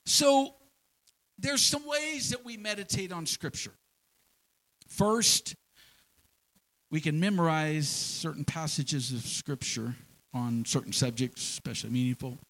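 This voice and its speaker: Animated man preaching a folksy sermon. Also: on the high side, measured pace, long pauses, rough recording. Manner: folksy, animated preaching with homespun examples and repeated phrases. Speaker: pastor.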